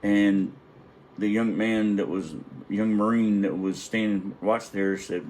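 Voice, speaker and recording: A man's voice: fairly low pitch, steady tone, slow, darkish tone, slight background noise, poor audio. A middle-aged man, a retired Navy chief, telling a wry and profane story in a casual, rambling way. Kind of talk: casual anecdote.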